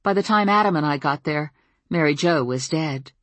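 A woman reading a first-person story aloud, calm, wry and measured. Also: low-pitched, no room sound. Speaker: audiobook narrator. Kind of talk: first-person scripted narration.

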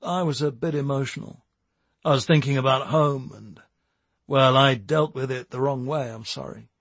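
A man's voice: medium pitch, steady tone, creaky, fairly bright tone, no echo. A man voicing a flustered, sheepish young man in an audiobook. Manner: flustered, halting.

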